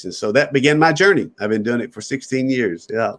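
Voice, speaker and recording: A man's voice: medium pitch, lively intonation, normal speed, hardly any pauses, a bit bright. A man who is a pastor, earnestly telling a personal story in an interview and chuckling at times.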